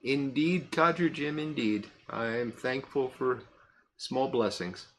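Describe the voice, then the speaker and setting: A man's voice: mid-range voice, takes it slowly, fairly bright tone. A man hosting a casual live stream, reading out viewer comments, chuckling often and rambling a little. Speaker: host of a live pipe-smoking stream.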